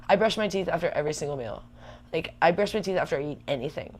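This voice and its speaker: A woman venting fast and emphatically in a casual livestream chat. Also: low-pitched, animated, breathy edge. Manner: ranting, worked up, fast and emphatic. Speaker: livestream vlogger.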